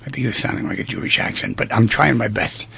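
A man hosting a talk show, speaking emphatically and telling stories with animated energy. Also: on the low side, fast talker, creaky, slightly rough. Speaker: radio talk show host.

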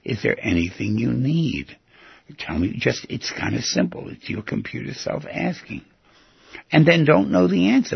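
Man, self-help teacher, earnest coaching tone, gravelly voice, lively pitch, dull lo-fi recording. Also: no echo. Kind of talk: guided instruction.

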